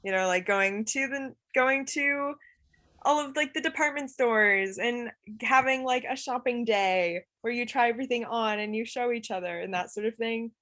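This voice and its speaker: A woman's voice: on the high side, normal speed, fairly bright tone. Young woman guest, hesitant speech. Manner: hesitant, lots of fillers and restarts. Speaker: podcast guest. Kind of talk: casual chat.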